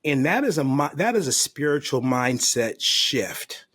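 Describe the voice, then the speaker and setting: A man speaks earnestly as a podcast guest, his voice slightly husky. He tells his recovery story with heartfelt, emotional faith. The sound is dry and close. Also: medium pitch, sing-song, a little slow, fairly bright tone, dry recording. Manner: faith-filled. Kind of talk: personal testimony in conversation.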